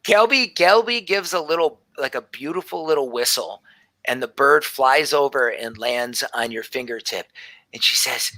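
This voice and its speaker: Bright-voiced man running a tabletop game. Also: mid-range voice, moderate pace, dry recording. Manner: rambling, many fillers and restarts. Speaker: game master.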